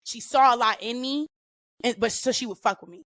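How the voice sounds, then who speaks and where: A woman guest on a podcast, telling stories in a casual, profane and animated way with lots of slang. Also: a little high, fairly quick, no room sound. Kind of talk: casual storytelling.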